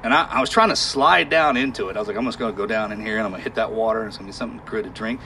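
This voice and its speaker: A man telling a harrowing war story in conversation, halting and emotional, with sighs and restarts. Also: fairly low pitch, sharp tone, slight background noise.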